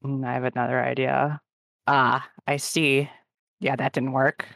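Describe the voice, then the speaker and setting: A man's voice: mid-range voice, level tone, measured pace, creaky, fairly bright tone, no echo. A man playing his character in a tabletop role-playing game, making dry, wry asides about his rolls. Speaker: player.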